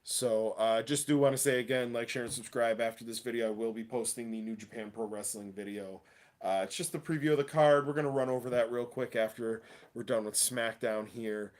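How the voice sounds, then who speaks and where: A man hosting a casual wrestling livestream, talking excitedly in slangy chat and laughing often. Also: mid-range voice, a little fast. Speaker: wrestling show host.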